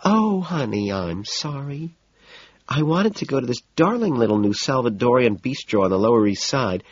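A man voicing a fretful, theatrical wealthy young hostess in an audiobook, gushing and breathy with dramatic wails. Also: mid-range voice, sing-song, moderate pace, dry recording, voice pushed up. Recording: dull, muffled audiobook recording.

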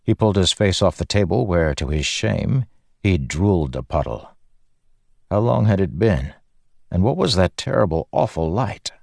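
A man giving measured, scripted narration of a fantasy audiobook. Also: low-pitched, sing-song, creaky, darkish tone, no room sound, studio quality.

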